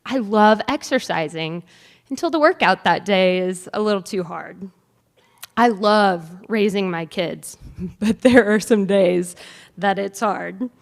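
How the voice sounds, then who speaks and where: A woman's voice: mid-range voice, takes it slowly, creaky. Chatty woman speaking in a reverberant theatre. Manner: conversational, chatty, with light laughs. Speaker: faculty speaker at a white coat ceremony. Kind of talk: personal storytelling speech. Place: large theatre. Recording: long theatre-hall reverb.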